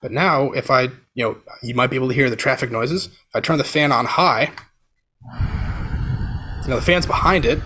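A man talking casually over a video call, explaining audio gear as a podcast guest, with a relaxed, filler-heavy manner. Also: mid-range voice, normal speed, long pauses, slightly rough. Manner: relaxed, chatty, lots of fillers like "you know" and "um". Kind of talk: casual explanatory chat, demonstrating microphones. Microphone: switching between webcam mic and USB condenser over a video call.

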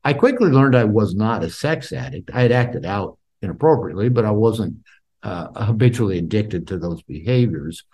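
A man's voice: fairly low pitch, lively intonation, normal speed, a little mellow. An older man in an interview, a therapist and author, telling his personal story candidly and reflectively, with many fillers and restarts.

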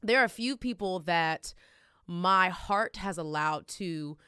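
A woman with a Texan accent hosting a faith podcast, talking in a loud, energetic and emotional way. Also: on the low side, slow, smooth, dry recording, clean studio sound. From Texas. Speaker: podcast host. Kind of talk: casual podcast chat.

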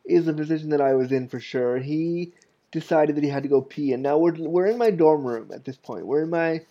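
A man's voice: a little high, brisk, warm tone, muffled recording. Candid, chatty man telling stories. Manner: candid, chatty and self-mocking. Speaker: podcast host. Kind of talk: casual storytelling monologue.

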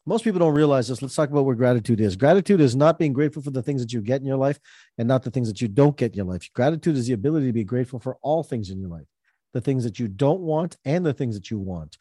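A man gives a motivational talk, his pitch swinging widely as he presses his points. His voice is warm and mellow, and the recording is close and dry. He hammers key phrases home by saying them again and again. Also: animated, quick pace, no echo. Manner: emphatic, repeats key phrases. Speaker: host. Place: call with listeners.

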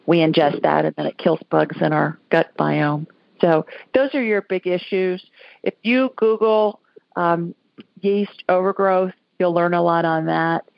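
A woman's voice: lowish voice, steady tone, unhurried, creaky, no echo, muffled recording. A woman from Alabama hosting a call-in radio show, talking in a chatty, folksy way. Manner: chatty, folksy, laughs easily. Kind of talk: casual call-in chat.

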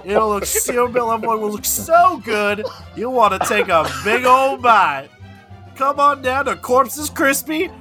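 Guy hamming up a fake ad pitch, high bright voice, bouncy, faint music behind. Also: lively intonation, unhurried. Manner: overblown pitchman delivery. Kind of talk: improvised mock commercial.

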